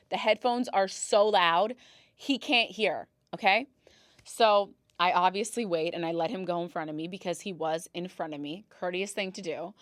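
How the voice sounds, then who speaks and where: Recorded dry in a clean studio, this podcast host has a mid-range, slightly bright voice. The young woman spins her stories casually and theatrically, throwing in curses and gasps for dramatic effect.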